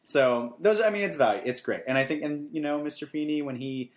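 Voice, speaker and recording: A man's voice: a little high, fairly quick. A young man co-hosting a podcast, chatting casually and rambling with many restarts. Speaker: podcast co-host. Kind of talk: casual chat.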